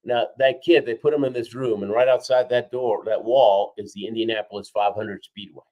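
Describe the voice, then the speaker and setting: A man telling a story as a guest in an interview, energetic and punctuating his points with "right?" and "okay?". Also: medium pitch, fairly quick, lo-fi sound. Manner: energetic, frequently acts out quoted voices, punctuates with "right?" and "okay?". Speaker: guest, four-time Olympian and keynote speaker. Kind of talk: animated storytelling in a podcast interview.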